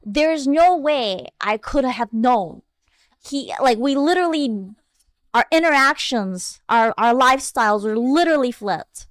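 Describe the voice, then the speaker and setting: A woman's voice: sits high, lively intonation, unhurried, no echo. A woman streamer ranting bluntly and in exasperation on her livestream, swearing freely. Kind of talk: livestream rant.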